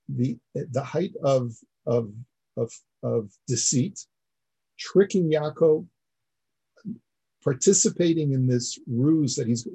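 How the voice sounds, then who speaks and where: A man's voice: mid-range voice, dark tone, breathy edge, rough recording. A man teaching a class, explaining earnestly and repeating words as he builds each point. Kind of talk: classroom lecture.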